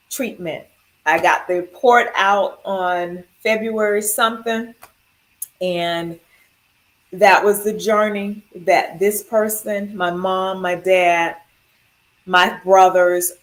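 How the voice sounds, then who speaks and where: A woman's voice: mid-range voice, low-quality recording. A woman sharing her cancer survival story, rambling through heartfelt thanks to family and friends. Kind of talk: personal video testimony.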